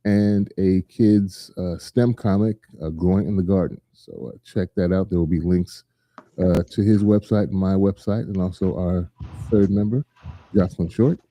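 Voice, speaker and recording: A man with a low, very mellow voice hosts a casual chat and gets animated as he talks things through. He slips into quick voices to act out scenes. The sound is dry and close, with no room around it. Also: no echo. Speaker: podcast host.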